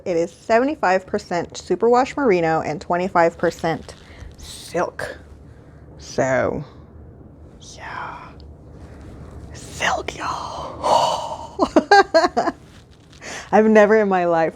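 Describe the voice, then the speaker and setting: A woman from Texas, hosting her podcast in a casual solo chat. She gushes excitedly and pokes fun at herself as she talks. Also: mid-range voice. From Houston, Texas. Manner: excitable, gushing, self-mocking. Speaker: podcast host.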